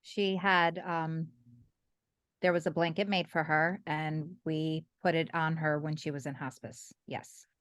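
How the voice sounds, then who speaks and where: A woman in the audience getting a reading, mostly giving soft, brief answers. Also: deep voice, level tone, measured pace, no room sound, clean studio sound. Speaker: audience member receiving a reading.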